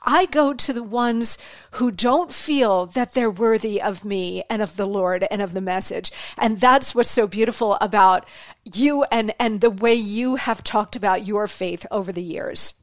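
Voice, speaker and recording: A woman's voice: mid-range voice, measured pace, dry recording. A woman hosting an interview podcast, speaking in an affirming and emphatic way. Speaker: podcast host. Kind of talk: conversational interview.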